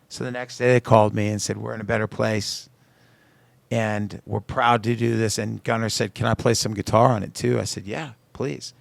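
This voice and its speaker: A man's voice: fairly low pitch, moderate pace, gravelly, no room sound. A man, a singer, telling personal stories in a radio studio interview and acting out the lines of people in them. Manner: animated storyteller acting out quoted dialogue. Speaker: singer-songwriter guest.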